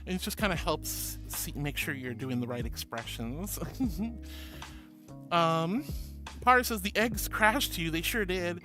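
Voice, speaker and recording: A woman's voice: fairly low pitch, measured pace. A woman with an American accent streaming live, reading chat aloud in a sweet, doting, giggly way. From born in Australia, raised in the US. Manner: sweet, doting, calls viewers sweetie and honey; giggly and bubbly. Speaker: VTuber streamer. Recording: background music under the voice.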